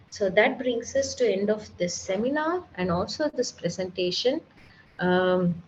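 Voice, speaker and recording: A woman's voice: mid-range voice, muffled recording, slight background noise. A woman speech therapist giving a seminar lecture, explaining patiently and demonstrating sounds aloud.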